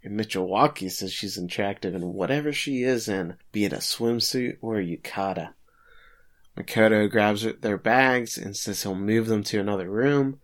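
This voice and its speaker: A man's voice: on the low side, moderate pace. A man co-hosting a podcast, casually recapping an episode with filler words and light chuckles. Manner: laid-back summarizing with filler words and chuckles.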